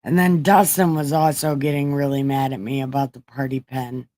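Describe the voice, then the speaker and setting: A woman's voice: extremely low pitch, level tone, moderate pace, a little mellow, no echo. A woman hosting a casual livestream, reading scripture in a rambling, profane, self-mocking way. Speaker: livestream host.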